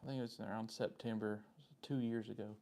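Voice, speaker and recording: A man's voice: on the low side, steady tone, a little fast, gravelly, mellow. A man with a Southern US accent hosting a casual live stream, rambling in a friendly way as he answers viewers' comments by name. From Southern United States.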